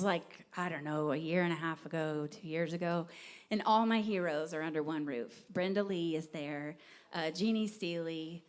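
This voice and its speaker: Woman, from Texas, singer-songwriter, casual stage banter, rambling storyteller, laughs at herself. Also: fairly low pitch. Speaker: singer-songwriter performing live. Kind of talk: chatty stage banter between songs. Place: live music venue with audience.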